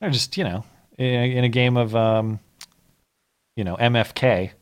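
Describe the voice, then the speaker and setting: A man co-hosting a podcast, reading viewer comments in casual chat, often halting and restarting mid-sentence. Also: medium pitch, fairly even intonation, clean tone. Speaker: podcast co-host.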